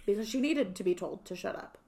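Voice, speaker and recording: Lively emotional woman chatting. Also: medium pitch, a little fast. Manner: emotional, opinionated, lively reactions. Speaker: podcast co-host. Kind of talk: casual chat reacting to a TV episode.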